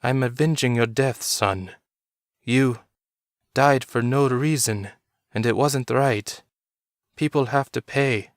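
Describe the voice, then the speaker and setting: A man's voice: mid-range voice, slow, long pauses, no echo, clean studio sound, pitched above the performer's own voice. A man voicing a grieving, vengeful father who has turned killer, speaking in a strained, anguished way.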